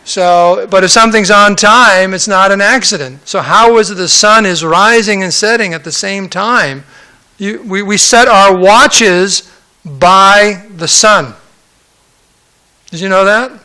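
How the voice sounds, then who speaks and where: A man's voice: high voice, measured pace, sharp tone, smooth. A man giving a conversational scripture class, mixing reading with joking asides and acted-out quotes. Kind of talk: sermon-style scripture class.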